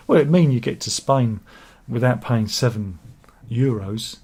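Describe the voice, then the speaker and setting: A man's voice: mid-range voice, measured pace, darkish tone, slightly rough. A man hosting a satirical news chat show, casually reading out viewer comments with rambling, jokey and self-mocking asides.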